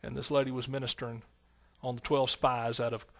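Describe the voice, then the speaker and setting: A middle-aged pastor gives an emotional sermon testimony that swings between hushed, tearful moments and loud exclamations. His medium-pitched voice is creaky and a little fast, with a flat delivery.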